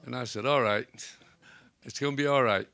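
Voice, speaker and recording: Older Southern man, gravelly storyteller. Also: mid-range voice, a little fast, sharp tone. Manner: folksy anecdotal storytelling, acts out quoted dialogue. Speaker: Presbyterian pastor and panelist. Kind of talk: storytelling on a library panel. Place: library event room.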